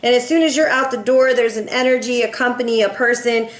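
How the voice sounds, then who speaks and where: A woman's voice: a little high, steady tone, fast. A woman giving a casual tarot reading, chatty and playful, swearing casually and acting out voices in quotes. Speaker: tarot reader.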